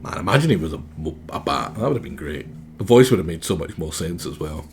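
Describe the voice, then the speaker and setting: A man's voice: sits low, expressive, quick pace, darkish tone, soft background music. A man streaming a game on a headset mic, making wry, rambling asides. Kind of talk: gaming stream commentary.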